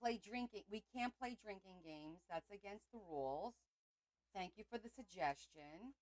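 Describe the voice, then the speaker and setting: A woman's voice: medium pitch, lively intonation, normal speed, no room sound, low-quality recording. A woman hosting a craft livestream, chatting casually and rambling as she talks to viewers.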